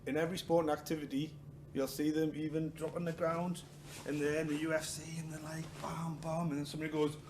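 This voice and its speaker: Speaking fast with a flat delivery and a slightly high voice, a man runs a martial arts class full of humor. He cracks jokes, uses profanity, and acts out what others said; the recording has hall echo and noise.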